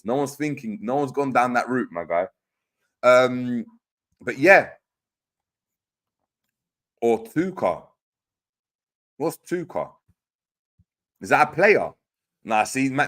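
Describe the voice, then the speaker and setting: A man's voice: mid-range voice, fairly bright tone. A man hosting a livestream, reading chat comments aloud in slangy, teasing banter. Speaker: host reading live chat.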